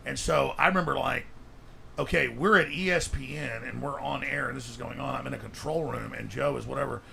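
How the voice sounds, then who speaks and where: A man's voice: medium pitch, brisk, vocal fry, pushed and bright, a little hiss or hum. A man, a guest in a casual chat, telling boisterous stories and cutting in. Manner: boisterous, interjecting storyteller.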